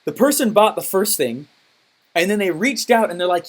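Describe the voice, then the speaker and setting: Male business coach, coaching call, animated storyteller who checks in often with the listener. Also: high voice, moderate pace. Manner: animated, acts out his own past reactions; checks in often with "okay?" and "right?".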